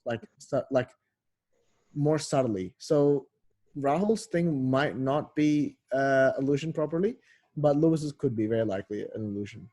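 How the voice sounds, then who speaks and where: A man's voice: mid-range voice, unhurried, mellow. A male tutor explaining things casually, full of "like" and "um" and correcting himself as he goes. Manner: loose, filler-heavy explaining with frequent self-corrections.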